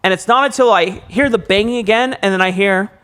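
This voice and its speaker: A young man, a podcast co-host, telling a long story in casual chat, his voice jumping high when he acts out his own panic. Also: a little fast, smooth. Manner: animated storyteller, rises high acting out panic.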